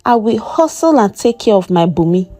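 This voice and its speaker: A woman's voice: medium pitch, very animated, moderate pace, mellow, faint music behind. A woman voicing an earnest twenty-year-old young man pleading to be accepted as a suitor.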